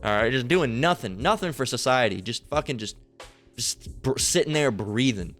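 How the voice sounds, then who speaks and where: A man's voice: mid-range voice, expressive, normal speed, fairly bright tone, faint music behind. A man giving informal scripture commentary in a rambling, heated way, full of street slang and swearing. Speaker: online Bible teacher.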